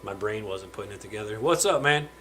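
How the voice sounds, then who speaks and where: A man's voice: fairly low pitch, lively intonation, fast talker, fairly bright tone, slight background noise, rough recording. Chatty man hosting a fish-room stream. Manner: chatty, greets viewers by name, stumbles over words. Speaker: live stream host. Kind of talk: casual live stream chat. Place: home fish room with aquariums.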